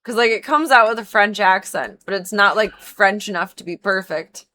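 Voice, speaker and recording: A woman's voice: mid-range voice, normal speed, sharp tone. A young woman livestreaming a video game, rambling casually and adding playful silly noises between her asides. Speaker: streamer. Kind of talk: casual gaming livestream chat.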